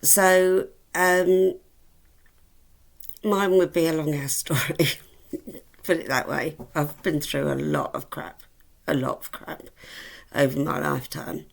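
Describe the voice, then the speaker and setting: A woman's voice: low voice, fairly even intonation, slow, creaky, long pauses. A woman in her forties chatting to camera, rambling and hesitant, with many ums and fond asides to her viewers. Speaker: vlogger. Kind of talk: casual chat to camera.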